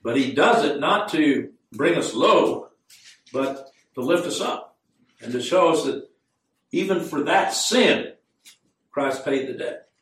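A man with a slightly high, bright voice and lively intonation preaches a sermon earnestly, building to fervent emphasis and slowing right down to read scripture aloud. The sound is roomy and echoing, with him standing well back from the mic, as in a church sanctuary.

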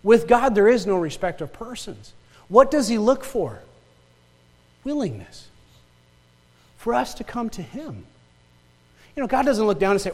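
Male pastor, Yooper accent, high voice, emphatic sermon delivery, reverberant church hall. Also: animated, normal speed, pauses often. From northern Michigan. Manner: emphatic preaching with rhetorical questions and repeated words.

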